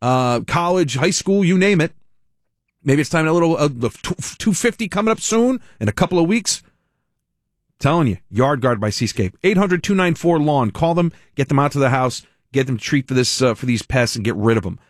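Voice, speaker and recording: A man's voice: on the high side, expressive, moderate pace, no echo, studio quality. A man hosting a talk radio show who talks in a rambling, chatty way, repeats himself and stops to correct himself mid-sentence. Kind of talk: rambling live ad read.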